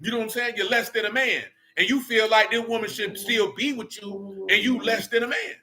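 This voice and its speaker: A man's voice: high-pitched, a little fast, bright, forceful tone. A man leading a casual Bible study, blunt and slangy as he preaches and rants.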